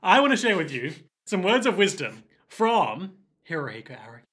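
A male podcast co-host with a bright, forceful voice that sits a little high. His pitch rises and falls a lot as he teases his co-host and breaks into laughter. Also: sing-song, moderate pace. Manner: playful, teasing, laughs often. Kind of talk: casual podcast banter.

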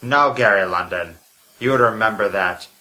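A man voicing a secretive masked man of power, speaking slowly and solemnly in a comedy audio drama. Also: medium pitch, pushed and bright, voice pushed down, poor audio.

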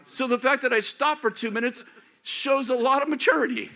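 A man of fifty or older preaching a sermon as pastor, acting out prayers and inner thoughts in an animated way. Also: very high voice, a little fast, slight background noise. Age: 50s or older.

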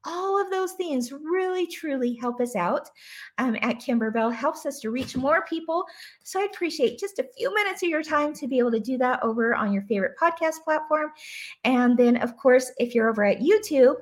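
Peppy lady host reading viewer comments on a live stream, high voice, laughs a lot. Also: animated, moderate pace, soft background music. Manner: upbeat and gushing, laughs often.

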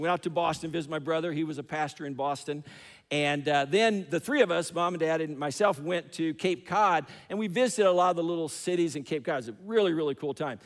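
A man preaching a sermon, telling a story with emphatic repetition, in a large church hall. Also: sits high. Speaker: pastor. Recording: long hall reverb.

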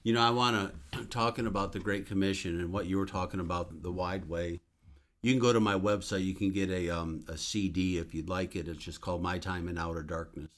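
A man's voice: low-pitched, steady tone, a little fast, a bit bright. A man who is a minister, sharing a religious testimony in an earnest, emphatic storytelling manner.

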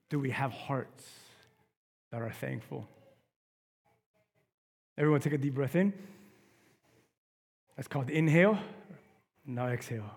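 A male pastor preaching a sermon in a church, dropping to a hush and then rising to loud emphasis. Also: medium pitch, slightly rough, in a large hall. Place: church sanctuary.

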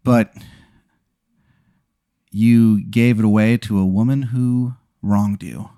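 A man's voice: on the low side, fairly even intonation, slow pace, dark tone, no room sound, studio quality. A man hosting and running an improvised story game, talking in a laid-back, rambling way with lots of "like" and casual swearing. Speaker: host and game master. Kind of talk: improvised tabletop-style storytelling.

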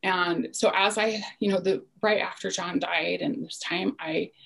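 Guest, woman, 40s, low gravelly voice, reflective and earnest, slips into near-whispers. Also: fairly even intonation, measured pace, a bit bright, poor audio. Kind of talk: personal storytelling in a podcast interview.

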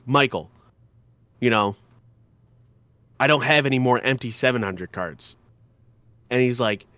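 A man's voice: mid-range voice, fairly bright tone, smooth, no room sound. A man co-hosting a podcast in casual chat, blunt and joking, swearing often. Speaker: podcast co-host.

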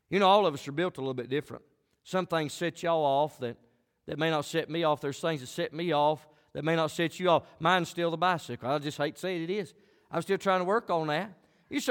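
High-voiced preacher man in a reverberant hall. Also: fairly quick. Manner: animated country preacher, swings from quiet to shouting. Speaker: pastor. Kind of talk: sermon. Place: church.

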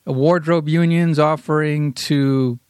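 Unhurried, hesitant man on a podcast. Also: a little high, fairly even intonation, darkish tone, clean tone, no echo, clean studio sound. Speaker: podcast co-host. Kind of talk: casual podcast chat.

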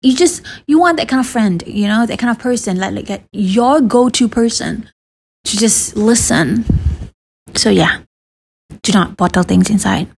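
A woman's voice: mid-range voice, animated, a little slow, vocal fry, a little mellow, a little hiss or hum. A woman in her thirties with a Malaysian English accent, giving casual advice in a chatty vlog and slipping Malay words into her English. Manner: chatty, mixes Malay into English, sighs and restarts. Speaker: vlogger.

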